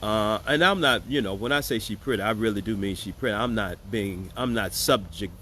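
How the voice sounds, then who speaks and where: In a fairly low, quick voice with a sharp tone, a man hosts casual political commentary over slight background noise. Chatty, joking and sarcastic, he calls his viewers y'all and talks to them directly.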